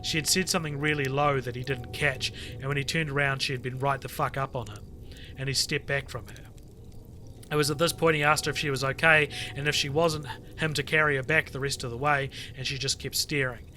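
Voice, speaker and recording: A man on a podcast reading a creepy internet story aloud to friends, lively and full of swearing. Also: mid-range voice, fairly quick, soft background music. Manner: animated storyteller, swears freely, breaks off to chat. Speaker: podcast co-host reading stories.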